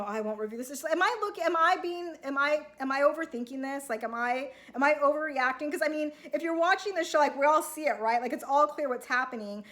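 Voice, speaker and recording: Chatty high-voiced woman recapping TV. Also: pushed and bright. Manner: chatty, self-questioning, acts out quotes. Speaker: reality TV recap vlogger. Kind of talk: casual recap monologue to viewers.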